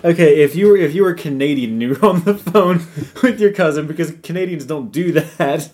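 A man's voice: on the high side, brisk, darkish tone. A man co-hosting a podcast, talking in a laid-back, rambling way and laughing easily. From United States. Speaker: podcast co-host. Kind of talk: casual chat.

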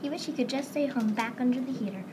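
A woman reading a children's story aloud in a steady, plain way. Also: sits high, fast talker, background noise. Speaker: reader.

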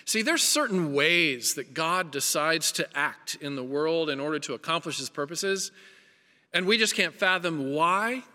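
A man preaches with an earnest, emphatic delivery, his bright, forceful tone carrying through a hall with a long reverb. His voice sits a little high for a man, and he hammers his points home by repeating them. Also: expressive, a little slow. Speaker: pastor. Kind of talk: sermon.

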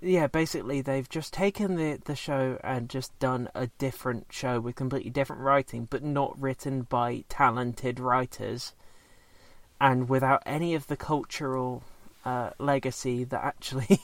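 A man's voice: mid-range voice, moderate pace, dry recording. A man chatting casually as a co-host, rambling and hesitant with many fillers and restarts. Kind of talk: casual chat.

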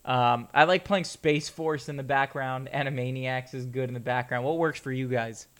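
A man's voice: medium pitch, fairly even intonation, moderate pace. A man hosting a podcast, chatting casually and cracking jokes. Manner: joking, chatty. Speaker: podcast host. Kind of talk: casual chat.

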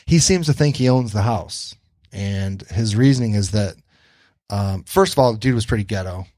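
Low-voiced man telling a story, dry sound. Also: moderate pace, darkish tone, no room sound. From Detroit area. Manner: swears freely, acts out quoted dialogue. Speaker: podcast host. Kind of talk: casual storytelling.

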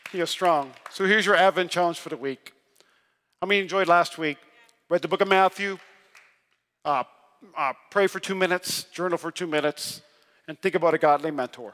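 Male pastor, high bright voice, energetic storyteller with a joking, self-deprecating streak, preaching a sermon in a big reverberant hall. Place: large church hall. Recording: long reverb of a large hall.

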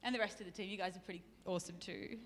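A woman's voice: mid-range voice, fairly even intonation, very fast, a bit bright. A woman preaching a sermon in a church, chatty and self-deprecating, laughing often. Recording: reverberant church hall.

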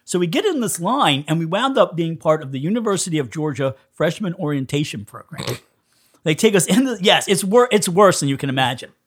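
A man's voice: a little high, fairly quick, slightly rough. A man being interviewed on a podcast, telling stories casually, laughing often and acting out other people's lines. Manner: animated storyteller who laughs often and acts out quoted people. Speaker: podcast guest, musician.

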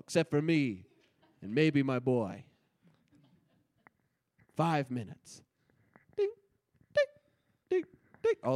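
Brief: a man doing a bossy villain pilot, deadpan, somewhat high voice. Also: dry recording. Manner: callous, bossy, deadpan announcements. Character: scheming male airline pilot and father.

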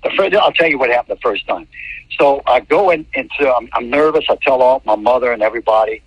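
Husky man from New Orleans. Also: mid-range voice, expressive, quick pace, no echo. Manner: rambling, repeats and restarts words. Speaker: TV sportscaster. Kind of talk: anecdotal interview storytelling. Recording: dull lo-fi, dry.

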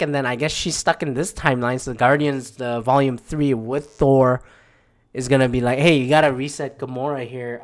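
A man giving a casual, rambling movie review, profane and exasperated, acting out quoted reactions. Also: mid-range voice.

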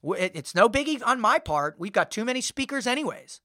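A man's voice: very high-pitched, very animated, fairly quick, sharp tone, no echo, clean studio sound, pitched above the performer's own voice, heavily acted. A man voicing a controlling female event organizer who keeps repeating herself and stammering. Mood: dismissive.

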